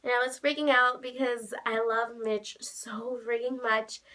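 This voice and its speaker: A young woman vlogging, telling a story with gushing excitement, saying "like" constantly and squealing when she quotes herself. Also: fairly high pitch, a little slow. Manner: gushing, heavy use of "like", bursts of squealing quotes.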